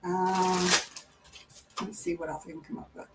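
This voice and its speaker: A woman's voice: fairly low pitch, little pitch movement, a little slow, heavy background noise. A woman giving a live tarot reading in casual, rambling chat, laughing often. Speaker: tarot reader and co-host.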